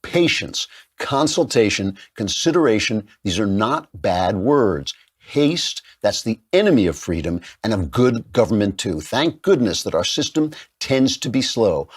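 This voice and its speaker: A man's voice: fairly low pitch, big pitch swings, a little slow, slightly rough. A middle-aged man hosting a show, delivering emphatic, combative opinion commentary. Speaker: political commentary host.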